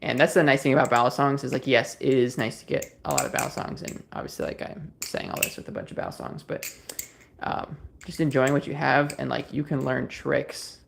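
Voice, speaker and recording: Gravelly-voiced man chatting on a livestream. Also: medium pitch, very animated, fairly quick, fairly bright tone, slight background noise. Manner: rambling, easygoing, many fillers and restarts. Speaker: livestream host. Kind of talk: casual livestream chat, reading viewer comments.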